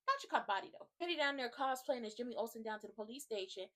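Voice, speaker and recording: A woman with a high-pitched voice hosts a casual recap rant. She is animated and slangy and speaks straight to her viewers. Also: fast, hardly any pauses. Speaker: YouTube host recapping a TV drama.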